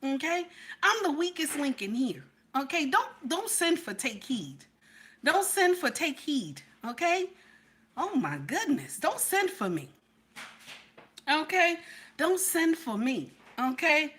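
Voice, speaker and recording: A middle-aged woman chatting casually with her livestream viewers, animated and playful, often laughing and repeating herself with a questioning "okay?". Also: high voice, takes it slowly, slight background noise. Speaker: livestream host.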